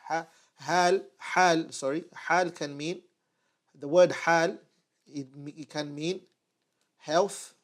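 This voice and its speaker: An Arabic teacher gives an online lesson at a whiteboard, patiently repeating phrases slowly for his learners. His male voice is on the high side and steady in tone.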